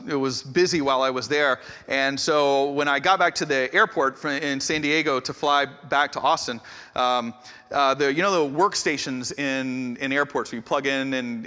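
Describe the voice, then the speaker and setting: A man's voice: medium pitch, bright, forceful tone. A middle-aged male pastor preaching a sermon in a conversational, self-deprecating way, telling stories and bursting into emphatic lines. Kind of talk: sermon with storytelling. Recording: long hall reverb.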